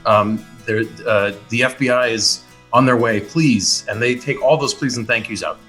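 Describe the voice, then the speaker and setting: A man's voice: mid-range voice, moderate pace, a bit bright, faint music behind. A middle-aged Canadian man, a guest actor, rambling playfully in casual comedic chat on a podcast. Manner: rambling, playful, does silly voices.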